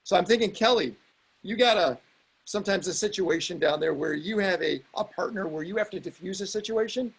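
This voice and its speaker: A man hosting a casual talk show, telling stories in an animated way and laughing often. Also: sits high, brisk, gravelly, breathy edge, poor audio. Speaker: host. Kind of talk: casual chat.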